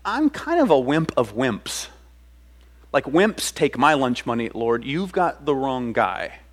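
A man's voice: mid-range voice, very animated, takes it slowly. A man voicing a timid young man who pleads that he is too weak, in a self-deprecating way. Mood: pleading.

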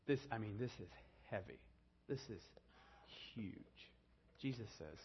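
A man preaching a sermon, swinging from hushed, low emphasis to raised, urgent delivery. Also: animated, measured pace, highs cut off, a little hiss or hum. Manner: dynamic preaching, drops to a hushed low voice then rises. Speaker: pastor.

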